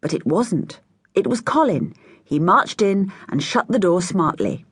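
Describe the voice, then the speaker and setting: A woman narrating a children's story, voicing each child with a higher, brighter pitch. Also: measured pace, husky, no room sound. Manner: lively, voices each child with raised pitch. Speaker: audiobook narrator.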